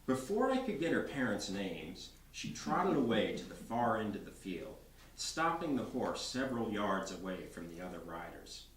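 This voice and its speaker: Pria penulis membaca novel dengan ekspresif. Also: male voice, on the low side, moderate pace, a little hiss or hum. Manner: expressive, animated reading. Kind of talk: reading his novel aloud. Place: bookstore. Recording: roomy bookstore from far off.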